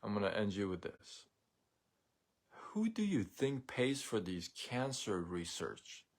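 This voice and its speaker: A man's voice: on the low side, big pitch swings, slow. A man hosting a live show, talking in a blunt, sarcastic, opinionated monologue. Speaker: host of a daily live show. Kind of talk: casual monologue rant.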